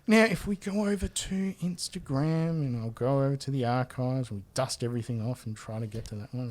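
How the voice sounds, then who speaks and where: A man's voice: medium pitch, a little fast, hardly any pauses, a little mellow. A man, hosting a casual podcast and reading out listener feedback with laughs and the odd swear. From Australia. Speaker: podcast host.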